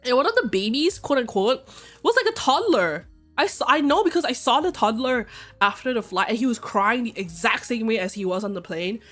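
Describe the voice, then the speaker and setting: A young woman streaming, talking casually and candidly, swearing freely and breaking into excited shrill outbursts. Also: a little fast, soft background music. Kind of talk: casual chat.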